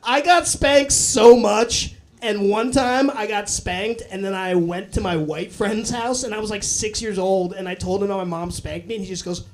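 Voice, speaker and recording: A young man with a notably high voice performs live stand-up. He talks loosely and swears freely, slipping into quick impressions of other people as he goes. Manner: loose, profane storytelling with bursts of acted voices. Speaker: stand-up comedian.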